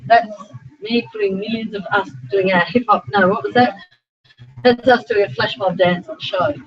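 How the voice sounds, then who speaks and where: Talking to a few students as a sport psychologist, this middle-aged Australian woman is lively and conversational, frequently wandering into asides. She speaks at a normal speed with a medium pitch, over crowd noise on a dull, lo-fi recording.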